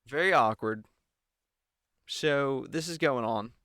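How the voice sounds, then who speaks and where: Man, mocking commentator, slow drawl, smooth crisp voice. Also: medium pitch, a bit bright, dry recording, clean studio sound. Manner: mocking, mimics the anchors in exaggerated voices. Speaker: political commentator. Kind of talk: sarcastic solo commentary.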